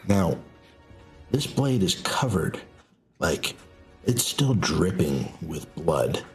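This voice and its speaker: Deep slow-spoken male game master. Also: sing-song, husky, soft background music. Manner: slow, descriptive, hesitant restarts. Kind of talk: narrating a tabletop game.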